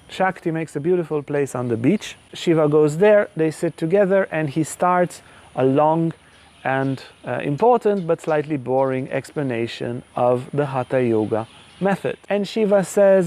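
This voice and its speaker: A man who teaches yoga tells a folk tale in a lively, humorous way during a lecture. His voice is warm and mellow and sits a little high for a man. He keeps the story light and playful. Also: normal speed.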